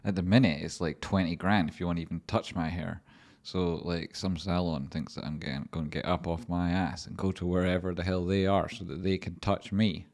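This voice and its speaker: Sweary deep-voiced man rambling. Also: steady tone, a little fast, few pauses, a little mellow. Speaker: livestream host. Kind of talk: casual livestream chat.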